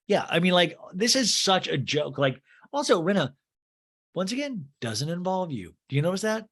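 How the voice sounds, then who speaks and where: Sarcastic, animated man recapping TV. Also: on the high side, normal speed. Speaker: podcast host. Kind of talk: comedic TV recap.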